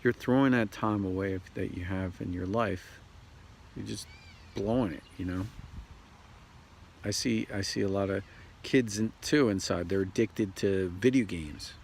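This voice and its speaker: Host type: man, low and gravelly, loose and repetitive, recorded outside with faint ambient noise. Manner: rambling, repeats himself, acts out quick voices. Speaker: spiritual video host. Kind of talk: casual outdoor spiritual talk. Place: outdoors. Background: outdoor ambience, traffic and birds.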